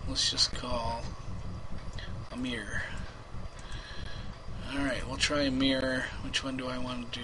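A man's voice: mid-range voice, flat delivery, takes it slowly, pauses often, noisy background. A man hosting a homemade prank call show, chatting casually, rambling and laughing as he reads out his ads. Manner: rambling, laughs often, trails off into mumbling. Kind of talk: casual live show chat.

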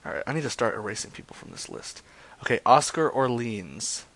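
A man streaming prank calls and chatting casually with his viewers, excitable and profane, often laughing. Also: mid-range voice, brisk. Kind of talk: casual live-stream chat.

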